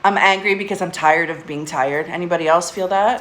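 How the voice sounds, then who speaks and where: A woman's voice: fairly low pitch, a little fast, few pauses, fairly bright tone, slight background noise. A woman hosting a casual live stream from home, speaking candidly, swearing often and laughing between her thoughts. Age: adult, getting older. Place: at home with a pet.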